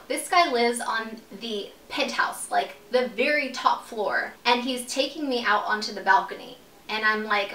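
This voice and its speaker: A woman's voice: on the high side, sharp tone. A young adult woman telling a storytime vlog in a casual, profane way, full of "like". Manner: casual, profane, heavy use of "like". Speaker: vlogger. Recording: echoey room, mic at a distance.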